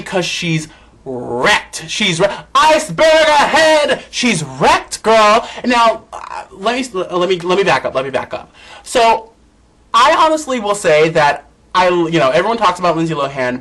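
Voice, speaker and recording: A man hosting a celebrity gossip vlog, sassy and campy, swooping between high and low notes. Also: pushed and bright, rough recording. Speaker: vlog host.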